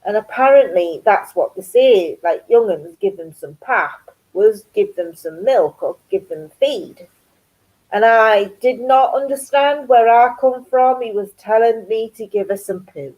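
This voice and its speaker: A middle-aged woman from County Durham with a North East English accent, telling stories in a chatty vlog and acting out quoted voices with big pitch jumps. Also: expressive, a little slow, darkish tone, low-quality recording. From County Durham, England. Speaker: crafting vlogger. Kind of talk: casual storytelling chat.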